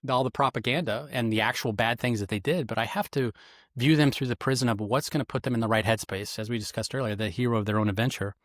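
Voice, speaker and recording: A middle-aged man, a retired federal agent, explaining interrogation methods in an interview with lively, instructive emphasis. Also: medium pitch, fast, dry recording, studio quality. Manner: animated, instructive, acts out quoted lines.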